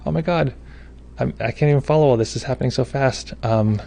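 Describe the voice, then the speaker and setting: A man's voice: medium pitch, brisk, creaky, warm tone, faint music behind. A man who hosts a meditation livestream, chatting casually from home as he reads viewer comments, rambling, stumbling over names and gushing with thanks. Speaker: meditation teacher hosting a livestream.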